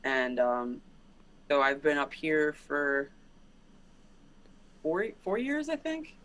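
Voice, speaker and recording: A man's voice: a little high, wildly swooping pitch, takes it slowly, a bit bright, slight background noise, low-quality recording. A man, a guest musician, chatting casually on a podcast and telling stories with lots of fillers and laughs. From Netherlands-born, raised in Delaware. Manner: laughs often, loose storytelling with many fillers.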